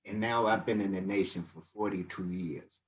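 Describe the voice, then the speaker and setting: A low-voiced man in his sixties tells old stories in a loose, rambling way, full of "you know" and "um". He sounds fond and reflective, and he is picked up from a little away from the mic. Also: fairly even intonation, moderate pace, distant mic, slight background noise, low-quality recording. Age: 60s. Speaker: guest. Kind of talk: casual storytelling testimony.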